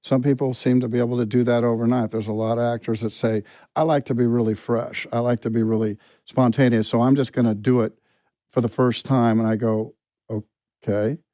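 A man speaking as an actor guest in an interview, frank and unpolished, swearing freely and restarting his sentences. His voice is warm and mellow, and the recording is dry with no room sound. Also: medium pitch, flat delivery, brisk, no echo, rough recording. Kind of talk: candid interview storytelling.

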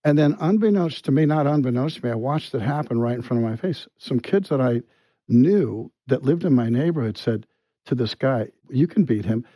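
A middle-aged man, a podcast guest, tells a personal story with many restarts and pauses. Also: mid-range voice, expressive, no echo. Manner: halting, full of restarts and quiet asides. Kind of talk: conversational storytelling.

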